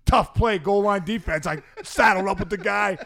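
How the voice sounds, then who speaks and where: A middle-aged man from the Pittsburgh area telling comic stories on a podcast, acting out quotes with shouts and laughs. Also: sits high, moderate pace, creaky, no echo. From Pittsburgh area, USA. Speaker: podcast guest. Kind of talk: comic storytelling.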